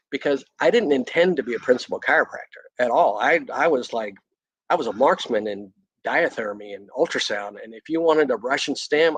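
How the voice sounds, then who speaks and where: A man's voice: medium pitch, a bit bright, husky, dry recording, rough recording. A middle-aged man, a chiropractor, telling his story in a candid, rambling way with frequent restarts. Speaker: chiropractor guest on a podcast. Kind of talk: casual storytelling interview.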